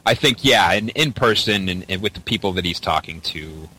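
A man's voice: low voice, lively intonation, moderate pace, bright, forceful tone, low-quality recording. A man from Canada telling a story in casual chat, rambling with many restarts and casual swearing. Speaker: podcast guest.

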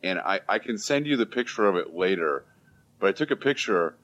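Low-voiced man on a dull lo-fi mic. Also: expressive, a little fast, fairly bright tone. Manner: rambling, loose, joking. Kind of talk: casual chat.

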